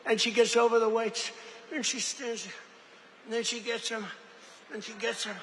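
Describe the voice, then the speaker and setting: A man's voice: very high voice, level tone, normal speed, a bit bright. A man giving an off-the-cuff rally speech, rambling and digressive, with jokey asides to the crowd and repeated phrases. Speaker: political speaker at a rally. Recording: long hall reverb, faint background noise.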